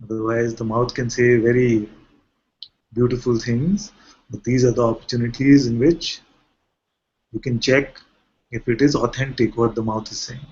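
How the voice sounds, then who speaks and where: A man's voice: mid-range voice, level tone, moderate pace, pauses often, darkish tone, slightly rough. A man who is a spiritual teacher, giving a conversational talk to a gathering and often asking rhetorical questions. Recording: muffled lo-fi recording.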